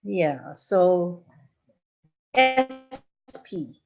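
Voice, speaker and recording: A woman's voice: on the low side, big pitch swings, very slow, darkish tone, soft background music. A woman in her sixties from Belgium, a hypnosis trainer chatting casually on a livestream, rambling and often laughing. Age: 60s. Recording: dull lo-fi livestream audio.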